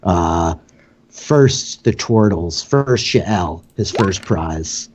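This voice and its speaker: A man narrating a tabletop game as game master, in a casual, rambling way with a slightly husky voice. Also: deep voice, animated, very slow, darkish tone, a little hiss or hum.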